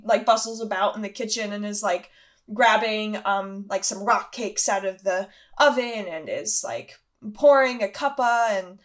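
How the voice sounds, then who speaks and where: A woman's voice: mid-range voice, measured pace. Casual woman running a tabletop game. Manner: chatty, casual, with many fillers. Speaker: game master.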